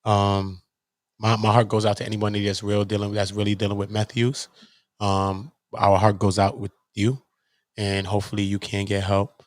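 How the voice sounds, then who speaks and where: In a fairly low voice with little pitch movement, a man hosting his channel rants on a livestream at a moderate pace, confrontational and profane, full of rhetorical questions. The audio is studio quality with no echo.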